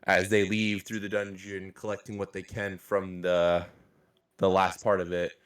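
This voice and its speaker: A man's voice: deep voice, little pitch movement, unhurried. A man narrating as game master in a casual, rambling way, swearing offhandedly. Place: live-streamed game session.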